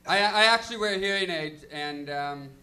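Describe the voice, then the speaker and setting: Young stand-up guy, high and bright, rambling self-deprecating delivery on a stage mic. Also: normal speed. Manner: self-deprecating, loose, filler-heavy delivery. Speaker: stand-up comedian. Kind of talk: stand-up comedy set. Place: comedy lounge stage.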